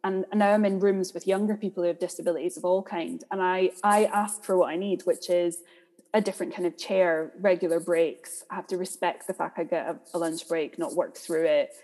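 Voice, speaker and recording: A woman's voice: fairly low pitch, steady tone, a little fast, darkish tone. A woman speaking candidly and reflectively as a podcast guest, thinking aloud with frequent ums. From Scotland. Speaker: guest, theatre director. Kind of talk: podcast interview. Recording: long hall reverb.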